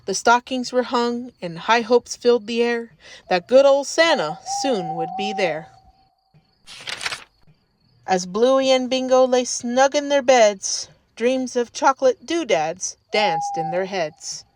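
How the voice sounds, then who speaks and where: A woman reads a rhyming storybook aloud in a gentle, sing-song way. Her voice sits a little high and she takes her time over every line. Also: expressive, slow pace, a little hiss or hum. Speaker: storybook reader in character persona.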